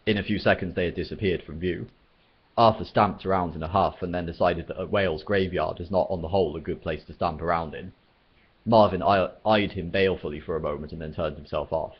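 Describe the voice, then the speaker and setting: A man with a low, husky voice reads a novel aloud at a steady, measured pace. The recording is muffled and lo-fi, like a home setup. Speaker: storyteller.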